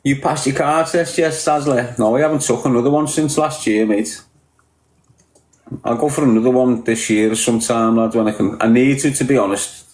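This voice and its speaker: Man, Liverpool accent, casual livestream chat, blunt and sweary, mid-pitched voice, roomy echo. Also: moderate pace, a little mellow. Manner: blunt, heavy swearing, teasing viewers. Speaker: livestreamer reading viewer comments.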